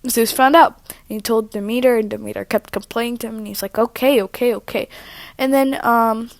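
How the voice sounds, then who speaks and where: A woman telling a casual story on her vlog, rambling and chatty as she interrupts herself. Her voice sits fairly high for a woman. She records on her own mic in a living room with a dry, close sound. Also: fairly even intonation, fairly quick, gravelly, no echo. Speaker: vlogger. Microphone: own microphone.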